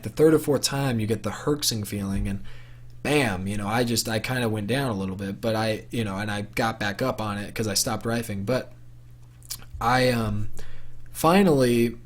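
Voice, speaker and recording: A young man telling a personal story to camera for his vlog in a casual, rambling way, full of fillers and restarts. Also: mid-range voice. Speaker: vlogger.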